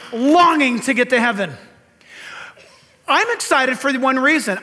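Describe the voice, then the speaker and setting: An older man, a pastor, preaching a sermon with earnest rhetorical questions; his high, reedy voice has been compared to a cartoon frog. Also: sharp tone.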